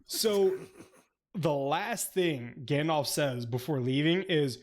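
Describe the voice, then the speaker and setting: Podcast co-host, male, higher voice, profane and giggly, casual chat. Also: slow pace. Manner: laughing, profane, animated retelling. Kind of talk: casual book club chat.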